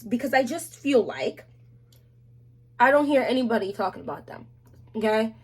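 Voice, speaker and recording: A woman chatting casually on camera about beauty products, animated and slangy, with playful asides to viewers. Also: fairly high pitch, normal speed, long pauses, breathy edge. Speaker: beauty vlogger. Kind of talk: casual product review chat.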